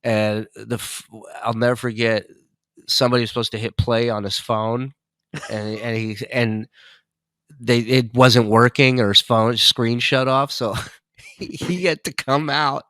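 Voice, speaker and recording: Casting: male podcast guest, animated raunchy storyteller, dead-dry studio sound. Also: mid-range voice, measured pace, no echo. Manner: animated, profane, laughs while telling stories. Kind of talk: casual storytelling.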